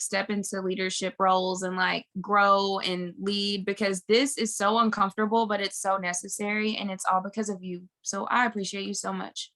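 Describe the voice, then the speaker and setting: A woman's voice: mid-range voice, pushed and bright. A woman speaking candidly and emotionally in a casual group talk, swearing freely and laughing often. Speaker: group member sharing her story.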